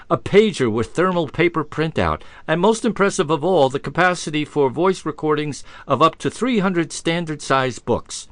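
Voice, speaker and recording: A man hosting a radio talk show, telling a long joke in a folksy, halting way with fillers. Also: on the high side, dry recording.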